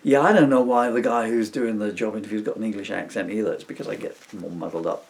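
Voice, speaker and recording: A middle-aged man reading his own comic story aloud with wry, deadpan humour. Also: on the low side, quick pace, creaky, slight background noise. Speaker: author reading his book.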